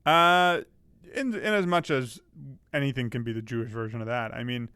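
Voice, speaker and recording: A man's voice: medium pitch, steady tone, normal speed, sharp tone, clean tone, no room sound. A man co-hosting a podcast in a studio, chatting casually with dry, wry humor. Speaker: podcast co-host. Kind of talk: casual chat.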